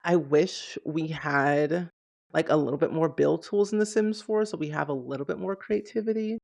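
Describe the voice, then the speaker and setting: A man's voice: on the high side, normal speed, creaky, darkish tone. A man hosting a casual interview, enthusiastic and peppering his questions with "like". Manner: enthusiastic, heavy use of "like". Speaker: podcast host.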